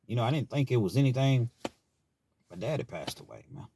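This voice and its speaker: A man's voice: mid-range voice, expressive, fairly quick, vocal fry, dark tone, a little hiss or hum. A man from Kentucky telling stories from his time in prison, in a laid-back, frank way and often tagging his sentences with "man.". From Richmond, Kentucky, US. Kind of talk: casual storytelling monologue.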